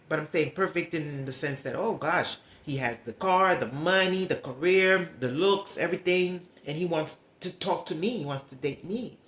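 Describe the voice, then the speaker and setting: Middle-aged woman vlogging in an echoey room. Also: sits low. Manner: rambling, heartfelt, confiding. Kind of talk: candid personal vlog talk.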